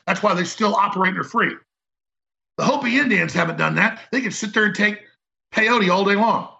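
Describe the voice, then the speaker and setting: A man with an extremely gravelly, gritty voice rants as a radio host, his pitch swinging widely and his tone sharp and forceful. He sounds heated and emphatic, and the audio is dull and lo-fi. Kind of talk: ranting radio monologue.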